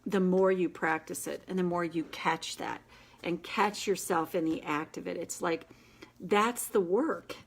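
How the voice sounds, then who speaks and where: A woman hosting a casual live session, coaching a group in an earnest, gentle and encouraging way, with quick asides. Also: lowish voice, gravelly, slight background noise. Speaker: inner child tapping coach, host.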